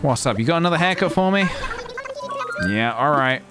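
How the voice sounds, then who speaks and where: A man's voice: on the high side, animated, moderate pace, music in the background. Chatty British man streaming a game. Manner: chatty, rambling, self-mocking. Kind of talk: live game stream commentary.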